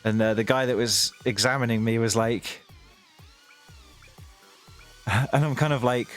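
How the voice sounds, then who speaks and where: A man's voice: medium pitch, fairly even intonation, unhurried, pauses often, faint music behind. A young British man chatting casually to his viewers on a live stream, rambling and laughing often.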